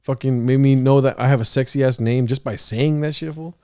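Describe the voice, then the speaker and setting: A man's voice: mid-range voice, fairly even intonation, quick pace, hardly any pauses, dark tone, smooth. A young man hosting a solo podcast, telling a story in a profane, slangy, joking way and laughing often. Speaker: podcast host. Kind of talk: casual solo podcast monologue.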